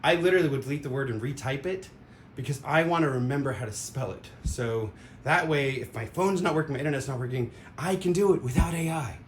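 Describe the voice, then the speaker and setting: A man giving a casual, rambling opinion monologue, full of fillers and sound effects. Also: quick pace. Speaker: vlogger. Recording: roomy echo with faint rumble.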